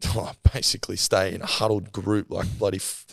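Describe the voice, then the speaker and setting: An Australian man, a footballer guest on a podcast, telling relaxed stories and swearing casually. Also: low-pitched, moderate pace, vocal fry, no echo, studio quality. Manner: laid-back storytelling, swears, laughs mid-sentence. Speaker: podcast guest, rugby league player. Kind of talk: casual chat. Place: podcast studio.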